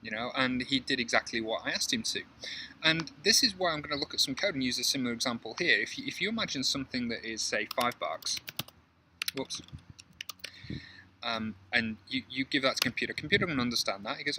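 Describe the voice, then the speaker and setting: Bright-voiced man chatting about code. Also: mid-range voice, brisk, rough recording. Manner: conversational, rambling with many fillers. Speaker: programming instructor. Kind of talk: casual coding tutorial talk. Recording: faint background noise.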